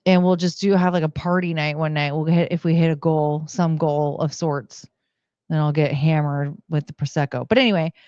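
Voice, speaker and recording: A woman's voice: deep voice, steady tone, normal speed, darkish tone, dry recording, muffled recording. A woman streaming from home into a desk mic, chatting casually and rambling with lots of "like" and "um". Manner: rambling, heavy use of "like" and "um". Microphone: desk microphone.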